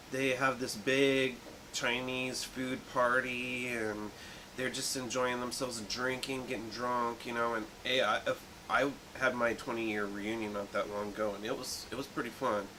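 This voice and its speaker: A man in his late thirties co-hosting a movie review podcast, talking in a thoughtful, rambling way with many pauses. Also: medium pitch, steady tone, sharp tone, slight background noise, rough recording. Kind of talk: casual chat.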